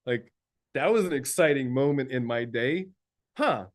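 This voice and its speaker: A man's voice: medium pitch, animated, normal speed, natural voice. A man quoting a male tech leader who thinks aloud in wonder. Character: surprised male tech leader, newly excited.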